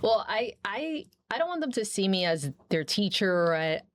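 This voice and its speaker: A woman guest speaking in an animated way about visiting children, voicing their lines brightly. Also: mid-range voice, normal speed, a little hiss or hum. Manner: warm, animated, quotes kids in a raised voice. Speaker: community outreach guest. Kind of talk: interview talk.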